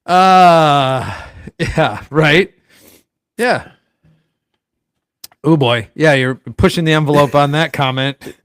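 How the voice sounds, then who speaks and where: An easygoing man co-hosting a podcast, quizzing his partner and agreeing along. His voice sits a little high. The sound is dry and close. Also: slow, pauses often, a bit bright, clear, resonant tone, dry recording. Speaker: podcast co-host. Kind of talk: casual chat.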